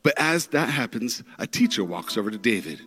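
A man preaching a sermon through stories, dramatic, with big swings in pitch and loudness. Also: big pitch swings, a little fast, soft background music. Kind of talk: sermon storytelling.

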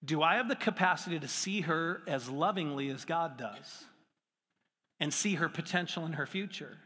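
Bright-voiced man preaching in a reverberant hall. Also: a little high, moderate pace, husky. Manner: conversational and self-deprecating, with playful asides. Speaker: pastor. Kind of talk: sermon. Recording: long hall reverb with faint music.

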